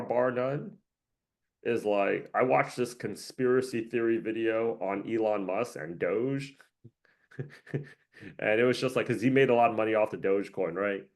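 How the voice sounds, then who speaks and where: A man's voice: mid-range voice, measured pace, vocal fry. A man hosting a casual career-coaching monologue, rambling, joking and laughing often.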